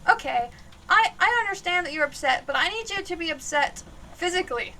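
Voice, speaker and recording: A woman streamer chatting through a horror game live, jumpy and giggly, yelling out to the ghost now and then. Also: extremely high pitch, animated, a little fast, slight background noise. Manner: chatty, jumpy, laughs often, calls out loudly to the ghost.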